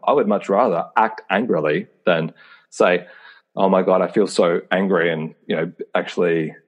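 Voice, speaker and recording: Deep husky-voiced man, earnest and reflective. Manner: earnest, reflective, many fillers and restarts; acts out his own inner voice in quoted asides. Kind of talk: casual conversation on a call.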